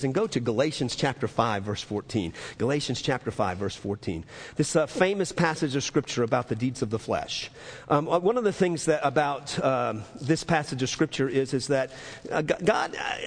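A man preaching a sermon as pastor, swinging between high, emphatic lines and low, quiet asides, with restarts and fillers. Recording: long hall reverb.

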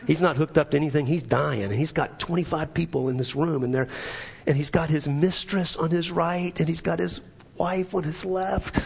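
A man preaching a sermon, telling a personal story in an earnest, halting way with many restarts. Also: a little high, steady tone, creaky, slightly rough. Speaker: pastor. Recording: echoey hall with long reverb.

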